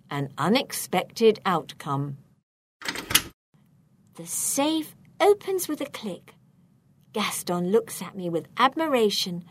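A woman narrating a first-person mystery story aloud, with an expressive, suspenseful reading. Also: mid-range voice, breathy edge.

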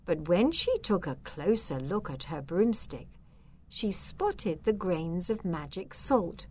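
Woman storyteller for a kids' book, slow, very lively pitch. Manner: expressive, unhurried. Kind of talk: children's story reading.

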